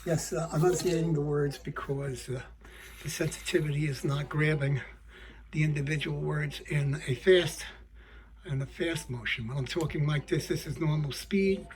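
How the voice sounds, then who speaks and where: Male puppeteer, casual how-to talk, halting and rambling delivery. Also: fairly high pitch. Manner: rambling, many fillers and restarts.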